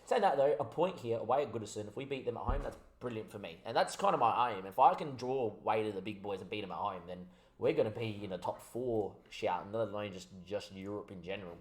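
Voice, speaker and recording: A man giving casual commentary on his football management game, a little tipsy from wine, switching between excitable mock match calls and chatty asides. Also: fairly low pitch, quick pace, few pauses.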